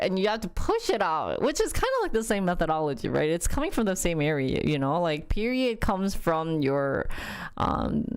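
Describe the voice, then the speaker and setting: Animated woman streamer telling a story. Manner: animated storytelling, acts out quotes with jumps in pitch. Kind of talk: casual chat to stream viewers.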